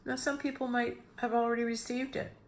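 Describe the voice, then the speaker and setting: A middle-aged woman giving a casual spiritual talk, telling a personal story with lively restarts and acted-out inner voices. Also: a little high, fairly quick, a little hiss or hum. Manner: animated, restarts often, acts out her own inner voices. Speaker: spiritual speaker.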